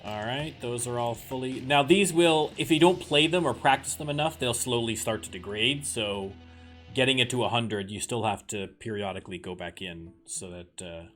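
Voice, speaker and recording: A man's voice: mid-range voice, moderate pace, fairly bright tone. A man hosting a let's play, casually commenting on a music game in a chatty, wry, self-deprecating way.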